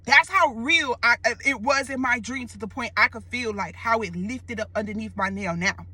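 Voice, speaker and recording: A young woman animatedly retelling a wild dream in a casual vlog, swearing and slangy. Her voice sits high and bright. The sound is close and dry. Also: moderate pace, breathy edge, no room sound. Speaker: storyteller vlogger.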